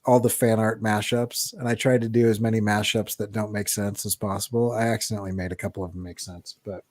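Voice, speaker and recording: A middle-aged man in casual podcast chat, his voice sitting on the low side. He tells stories with animation and laughs easily, and the recording is close and dry. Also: a little fast, no room sound. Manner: animated storytelling, laughs often. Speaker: podcast co-host, artist.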